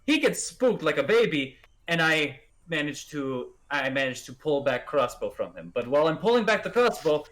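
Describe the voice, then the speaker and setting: A man voicing a male stranger with a crossbow who insists on his side of events, stammering and rushed. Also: a little high, sing-song, a bit bright. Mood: insistent.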